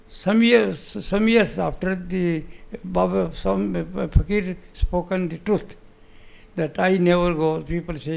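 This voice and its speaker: High, gravelly man telling a story. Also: fairly even intonation, darkish tone. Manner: halting broken English, many restarts. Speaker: spiritual master answering questions. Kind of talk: storytelling in a spiritual gathering.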